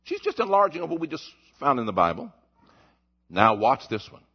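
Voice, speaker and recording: A man preaching a sermon as pastor, swinging between shouted points and low, quiet asides. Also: huge pitch swings, a little fast, husky. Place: church. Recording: muffled lo-fi recording.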